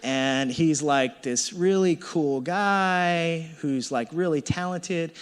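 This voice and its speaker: A man in his thirties preaching a sermon as a pastor, telling a personal story with animated delivery and acting out his own thoughts. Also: a little high, takes it slowly. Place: church hall. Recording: long hall reverb.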